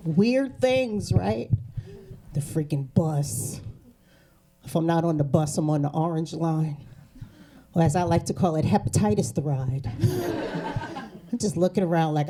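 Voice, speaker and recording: Low-sitting and expressive, her voice keeps a measured pace with long pauses while a crowd murmurs behind her. This New England comedian's East Coast stand-up is brash, profane, and full of sarcastic punchlines, recorded from the stage mic as the live audience laughs.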